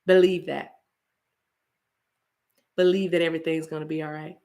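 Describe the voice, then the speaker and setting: A woman's voice: sits low, flat delivery, normal speed, dark tone. A woman hosting her own livestream, signing off to her viewers in a rambling, affectionate way that repeats phrases. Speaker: channel host. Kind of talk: casual livestream sign-off.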